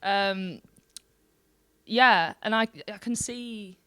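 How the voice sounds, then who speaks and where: A woman's voice: medium pitch, drawn-out words, fairly bright tone, clear, resonant tone, no room sound. A woman hosting a radio show, chatting casually and encouraging her guest, with short fillers. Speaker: radio host.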